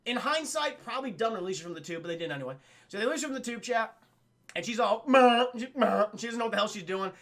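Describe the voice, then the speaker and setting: Bright, high male streamer with a gravelly edge, swears a lot and keeps talking to the chat. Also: expressive, very fast. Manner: profane, laughing, keeps addressing the chat. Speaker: streamer and film reviewer. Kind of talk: live-stream film recap chat.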